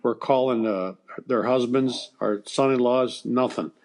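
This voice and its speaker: An older American man, a former baseball coach, telling personal stories in an interview in a halting way with frequent restarts. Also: mid-range voice, darkish tone. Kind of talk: emotional storytelling interview.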